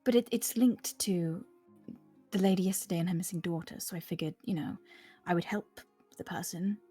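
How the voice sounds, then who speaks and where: Husky-voiced hesitant woman player. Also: lowish voice, normal speed, warm tone, faint music behind. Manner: hesitant, drops to whispers. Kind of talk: in-character tabletop role-play.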